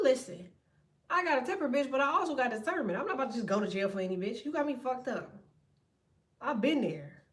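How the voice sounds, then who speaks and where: A woman hosting a tarot livestream, telling stories in a profane, animated way and acting out other people. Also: a little high, far from the mic. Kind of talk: casual livestream rant.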